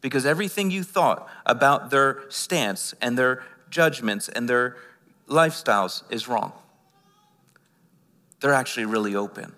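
A male pastor preaching a sermon with passion, swinging between loud and hushed, often stumbling and repeating his words. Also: mid-range voice, measured pace, long reverb tail.

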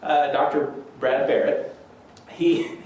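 A man's voice: medium pitch, steady tone, slow pace, a little mellow. A man preaching a conversational sermon in a church, easygoing and self-deprecating, with chuckles. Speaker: pastor. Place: church sanctuary. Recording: echoey church room from a distance.

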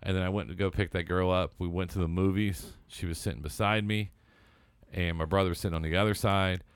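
A man's voice: low voice, steady tone, brisk, clear, resonant tone, dry recording, studio quality. A man co-hosting a podcast, telling stories bluntly and casually with lots of swearing. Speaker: podcast co-host. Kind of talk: casual profane storytelling.

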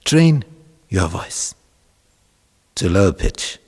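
A man voicing a clever mother who urges her son on in a hushed, coaxing voice. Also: low voice, very animated, very slow, breathy edge, long reverb tail, full character voice. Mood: urgent. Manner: urgent, coaxing, half-whispered. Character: clever scheming mother Rebecca, hushed and urgent.

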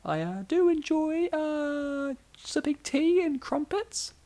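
A man voicing a prim high-pitched British lady, halting and full of fillers, as a podcast comedy bit. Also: big pitch swings, mellow, full character voice. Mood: prissy.

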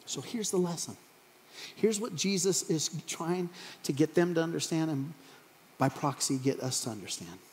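Pastor, male, joking storyteller sermon, voice on the high side, long hall reverb. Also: moderate pace, slight background noise. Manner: humorous, animated storytelling. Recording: echoey hall.

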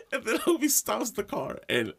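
A man's voice: extremely high pitch, unhurried, vocal fry. A man co-hosting a podcast, telling a rambling story in casual chat, swearing and laughing as he goes. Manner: rambling, animated, swears a lot, laughs often. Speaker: podcast co-host.

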